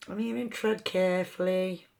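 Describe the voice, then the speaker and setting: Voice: mid-range voice, fairly even intonation, normal speed, vocal fry, darkish tone. A rune reader giving a meandering, free-associating reading with chatty asides. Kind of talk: slow intuitive card-style reading.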